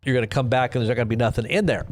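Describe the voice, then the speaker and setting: This is a man hosting a live news stream at a very fast clip, his medium-pitched voice wandering off on jokes and constantly breaking off mid-thought. The casual commentary is recorded dry and close, with no echo.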